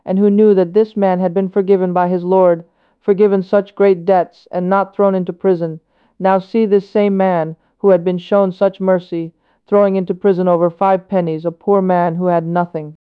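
A woman reading a sermon aloud, telling its stories in a measured, steady way. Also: on the low side, clear, resonant tone. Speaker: reader of a homily. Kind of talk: read sermon. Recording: dull lo-fi recording.

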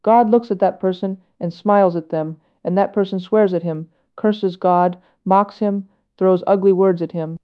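A woman reads a religious sermon in a solemn, earnest tone, her delivery measured and steady. Her voice sits at a middle pitch and comes across smooth and clear. The recording itself sounds slightly dull and muffled. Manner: measured and earnest, with rhetorical questions. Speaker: reader of a sermon. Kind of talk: slow, solemn read-aloud homily.

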